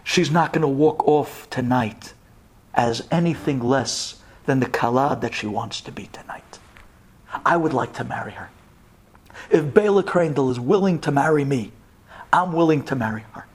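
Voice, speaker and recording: A man, a rabbi, telling a story with dramatic delivery, acting out the characters' voices and swinging from loud, high outbursts to hushed whispers. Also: expressive, moderate pace, husky.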